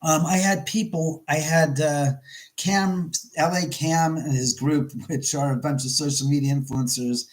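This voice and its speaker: Picked up by a stream's camera mic in low quality, a man's voice runs on the high side, steady and unhurried. He rambles through a casual home live stream, breaking off to say hello to viewers by name.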